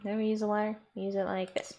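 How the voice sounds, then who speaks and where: A woman's voice: mid-range voice, level tone, fast talker, warm tone. A woman streaming a game and chatting casually and playfully with viewers, laughing often; her first language is German. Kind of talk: casual gameplay commentary.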